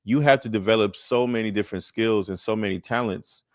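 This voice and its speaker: A man's voice: on the low side, brisk, no room sound, clean studio sound. A man reacting to a video and earnestly explaining how business owners burn out, repeating key points. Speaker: accountant and business coach reacting. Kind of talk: reaction commentary, advice.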